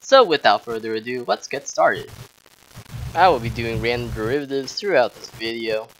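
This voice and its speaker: A man's voice: medium pitch, lively intonation, moderate pace, fairly bright tone, slight background noise. Sarcastic young man boasting through calculus. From United States. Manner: mock-arrogant, sarcastic boasting. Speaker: student tutor. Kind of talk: sarcastic math walkthrough voice-over.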